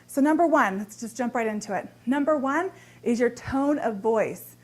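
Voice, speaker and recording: A woman's voice: a little high, animated, normal speed, a little mellow. A woman hosting a short relationship advice segment, talking straight to the viewer in an upbeat, earnest coaching tone as she walks through numbered tips. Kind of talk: direct-to-camera advice talk.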